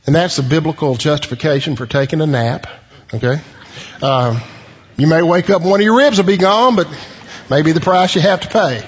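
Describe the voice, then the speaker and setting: A male pastor preaching a sermon, animated, with joking asides. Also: a little high, moderate pace, breathy edge. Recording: dull lo-fi recording in a reverberant hall.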